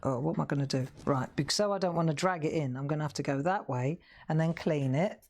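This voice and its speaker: A woman hosting a live craft show, chatting as she colours. She has a fairly low voice, and she rambles through stories with easy, informal asides. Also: quick pace, darkish tone. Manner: rambling, chatty storytelling with laughs. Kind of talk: casual live-stream chat while colouring.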